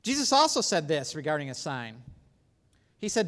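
Male pastor, higher register, earnest sermon delivery with loud-to-hushed swings, long reverb from a big hall. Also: sing-song, normal speed. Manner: earnest preaching, swings between loud emphasis and hushed lows.

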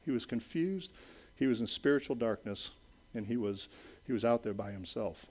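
A middle-aged man preaching a sermon in a conversational way, checking in with "okay?" and "right?" and moving between raised emphatic lines and quiet low asides. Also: expressive, moderate pace. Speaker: pastor.

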